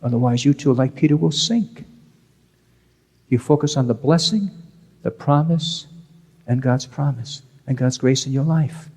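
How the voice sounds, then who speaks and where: A man's voice: mid-range voice, a little slow, pauses often, darkish tone, breathy edge. A man, a priest, giving a conversational sermon, repeating key phrases for emphasis. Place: church. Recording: church with long reverb.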